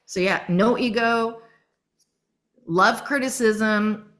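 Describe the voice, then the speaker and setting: A middle-aged woman from Canada, a voice actress telling stories in a casual interview, lively and quick to giggle. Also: on the high side, slight background noise. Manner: lively, acts out quoted voices, giggles often. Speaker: guest voice actress.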